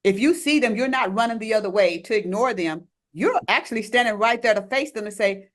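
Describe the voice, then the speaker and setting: A woman hosting a ministry interview who listens closely, offers frequent quiet affirmations and adds her own reflections. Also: fairly high pitch, brisk, hardly any pauses. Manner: affirming, frequent quiet back-channel responses. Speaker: ministry host. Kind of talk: interview host.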